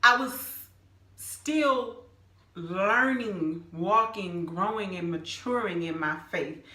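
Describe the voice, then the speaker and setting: A middle-aged woman, telling a personal church testimony in an emphatic, animated way and calling her viewers "y'all". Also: mid-range voice, reverberant. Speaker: vlogger sharing a personal testimony. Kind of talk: casual storytelling testimony.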